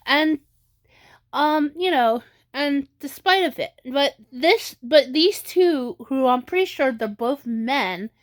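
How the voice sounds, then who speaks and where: Slow-talking high-voiced woman vlogger. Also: animated. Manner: halting, many restarts and fillers; tearful and emotional in places. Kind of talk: casual vlog commentary.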